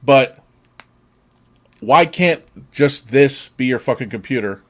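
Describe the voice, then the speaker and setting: A man's voice: medium pitch, expressive, slow pace. A man co-hosting a podcast in casual chat, easygoing, swearing casually as he talks about old gadgets. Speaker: podcast co-host.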